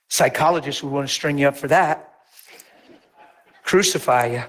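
A man preaching as a pastor, telling stories with lively acted-out voices and sudden drops to a near whisper. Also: fairly quick. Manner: animated storytelling, acts out voices with big pitch jumps. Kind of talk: sermon.

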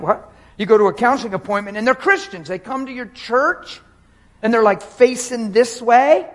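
A man's voice: sits high, expressive, moderate pace, poor audio. A man, a pastor, preaching a personal and emotional sermon in a conversational way, often talking straight to the crowd.

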